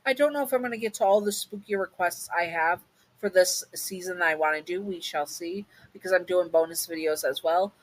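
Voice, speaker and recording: A woman's voice: on the low side, brisk, poor audio. A woman narrating a listener role-play story in a casual, chatty way, sometimes correcting herself. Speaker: narrator and channel host.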